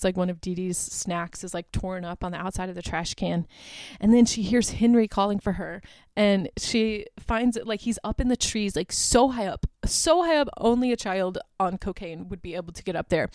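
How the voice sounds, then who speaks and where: A woman's voice: mid-range voice, a little mellow, dry recording. A woman hosting a podcast, recapping a movie in a casual, chatty way with frequent laughs and filler words. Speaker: podcast host.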